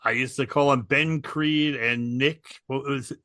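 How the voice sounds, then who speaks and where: A man and comedian chiming in with quick, chuckling anecdotes in casual chat. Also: medium pitch, steady tone, sharp tone.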